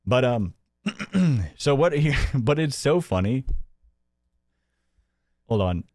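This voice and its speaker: A man hosting a live-stream commentary show, sarcastic and mocking, often laughing and jumping into a high mimicking voice. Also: sing-song, slow pace, a little mellow, no echo, clean studio sound.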